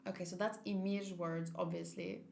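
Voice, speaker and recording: A woman's voice: lowish voice, fairly even intonation, normal speed, darkish tone, a little hiss or hum. A woman hosting a manga read-along, chatting casually with her own commentary and often breaking off mid-thought. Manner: chatty, self-interrupting. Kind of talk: casual commentary while reading aloud. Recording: roomy echo.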